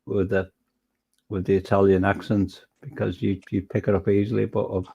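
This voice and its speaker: A man's voice: on the low side, level tone, vocal fry, mellow, breathy edge, highs cut off. Rambling Englishman on voice chat. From England. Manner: rambling, halting restarts. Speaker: chat host. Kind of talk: casual online chat.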